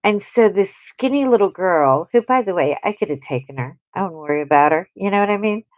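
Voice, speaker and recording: Woman host, casual livestream chat, animated storyteller, mid-pitched voice, dry sound. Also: a little fast, no echo. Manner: animated, chatty, acts out quotes.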